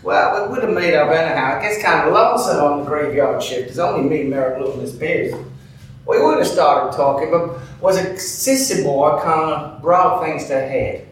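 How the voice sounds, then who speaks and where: An actor playing an older, bigoted night-shift cook who tells a rambling, folksy story in a drawl, captured on an echoey stage from afar. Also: male voice, on the high side, moderate pace, recorded from a distance, a little hiss or hum, lightly acted. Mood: gossipy. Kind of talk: theatrical monologue.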